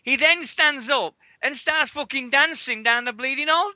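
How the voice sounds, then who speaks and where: Sweary british guy on radio, high bright voice, bouncing all over. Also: moderate pace, no room sound. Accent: British English. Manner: sweary, rambling storyteller. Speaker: wrestling radio host. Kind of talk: casual chat.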